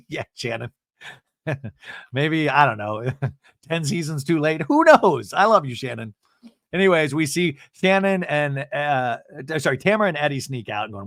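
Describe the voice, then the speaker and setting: A man's voice: a little high, sing-song, normal speed, a bit bright, dry recording, clean studio sound. A man hosting a podcast, giving a comedic, gossipy recap of a reality TV episode with laughing asides. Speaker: podcast host.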